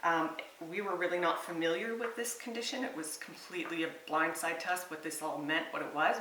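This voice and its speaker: Woman, 30s, home-cook vlogger, earnest and chatty, bright tone, recorded in a roomy kitchen a little off-mic. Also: low-pitched, far from the mic, slight background noise. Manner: chatty, earnest, thinks aloud with fillers. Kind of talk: casual cooking vlog. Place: home kitchen and backyard grill.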